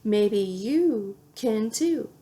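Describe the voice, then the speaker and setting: A woman's voice: medium pitch, animated, very slow, dark tone, a little hiss or hum. A woman reading children's picture books aloud, playfully acting out the sound effects. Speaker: children's book reader.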